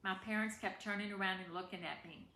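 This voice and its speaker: Bright-voiced woman reading a family story. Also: medium pitch, fairly even intonation, fast talker. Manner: tender, emotional reading. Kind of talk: reading a personal story aloud. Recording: echoey room with faint background noise.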